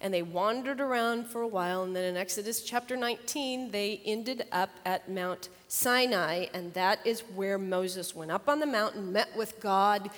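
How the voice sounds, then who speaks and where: An older woman, a grandmother, chatting about her grandchildren and then teaching a Bible lesson, animated and laughing as she tells stories. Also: medium pitch, normal speed, hardly any pauses, big-room sound. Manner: chatty, animated, acts out children's voices with laughter. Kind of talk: casual storytelling and Bible lesson.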